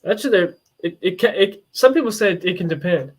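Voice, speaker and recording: A man's voice: high-pitched, expressive, fast talker. A man in casual chat, laid-back and rambling.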